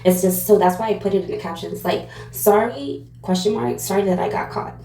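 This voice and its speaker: A woman's voice: lowish voice, fairly even intonation, fast, mellow, reverberant, faint music behind, rough recording. A woman giving a casual pick-a-card tarot reading, rambling and digressive with lots of fillers. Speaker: tarot reader.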